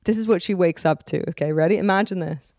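A woman co-hosting a podcast, telling a story in a casual, animated, self-mocking way. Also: lowish voice, fast, no echo, studio quality. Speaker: podcast co-host.

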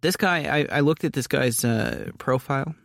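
A man's voice: mid-range voice, animated, moderate pace, gravelly, dry recording, clean studio sound. A man from New City, co-hosting a comedy podcast, crude and joking. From New York City. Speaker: podcast co-host. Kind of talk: casual comedy chat.

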